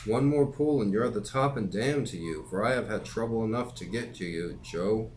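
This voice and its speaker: A man reading aloud and voicing an anxious, gruff English stagecoach driver in a raised, urgent voice. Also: lowish voice, moderate pace, a little hiss or hum, natural voice. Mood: impatient.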